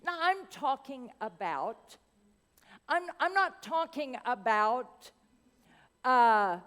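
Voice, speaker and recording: A woman preacher telling a fairy tale in a sermon, dramatic, with long pauses and chatty asides, in a church hall. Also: sits high, sing-song, a bit bright. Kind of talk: sermon storytelling.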